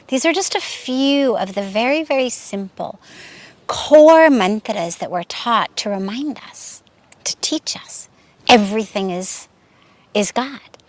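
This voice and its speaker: Slow, measured woman spiritual teacher. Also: medium pitch, no room sound. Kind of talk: sermon with storytelling.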